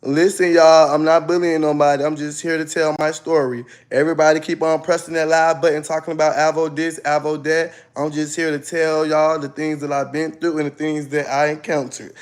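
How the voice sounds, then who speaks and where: Animated man livestreaming a dramatic story. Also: a little high, brisk, hardly any pauses, smooth. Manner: animated, dramatic, loud outbursts.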